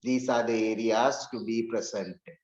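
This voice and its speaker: A male lecturer, unhurried and emphatic, repeating key points to the class. His slightly high voice rings in an echoey classroom, and the recording sounds dull and lo-fi. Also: fairly even intonation, a little mellow.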